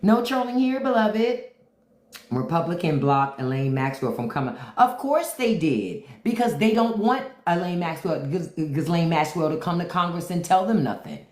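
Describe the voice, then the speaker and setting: A livestream host delivers unfiltered, blunt, taunting commentary in AAVE, putting her question to commenters again and again as her mic echoes in a roomy space. Her fairly low voice is a little mellow, with lively intonation and a normal speed.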